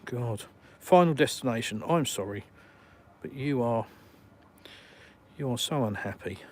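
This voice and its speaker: A man's voice: mid-range voice, lively intonation, measured pace, slightly rough. An Englishman live-streaming from his phone while walking around outdoors, reading viewer comments in a blunt, outspoken way and swearing casually. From England.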